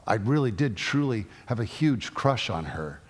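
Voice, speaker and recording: A middle-aged man preaching a sermon, telling personal stories with halting restarts. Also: lowish voice, sing-song, breathy edge. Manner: storytelling, halting with frequent restarts. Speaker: pastor. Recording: long reverb of a large hall.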